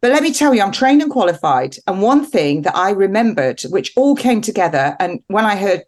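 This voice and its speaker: A woman's voice: mid-range voice, sing-song, brisk. A woman nurse prescriber talking as an interview guest, emphatic and rambling, with a defiant edge. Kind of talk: animated interview talk.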